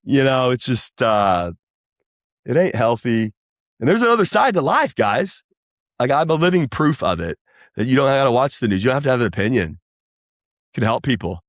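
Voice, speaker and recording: A man, chatting casually as a podcast guest, rambling and animated. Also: mid-range voice, moderate pace, pauses often, no echo, studio quality. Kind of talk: casual chat.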